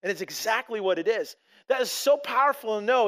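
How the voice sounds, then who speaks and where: A man's voice: sits high, lively intonation, brisk, fairly bright tone. A middle-aged man preaching a sermon as pastor, talking conversationally and often restarting his sentences. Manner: conversational, with frequent restarts and acted-out quotes.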